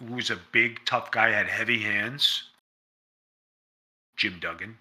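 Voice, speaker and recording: Blunt, bright-voiced man telling stories. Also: fairly low pitch, slow pace, breathy edge. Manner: blunt, emphatic, swears freely. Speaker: interview guest, former pro wrestler. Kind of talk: casual interview storytelling.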